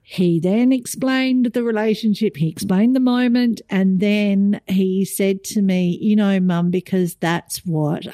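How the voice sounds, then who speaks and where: A middle-aged woman, a podcast co-host telling a story in casual chat, animated and rising in pitch when moved. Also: measured pace, no echo, clean studio sound.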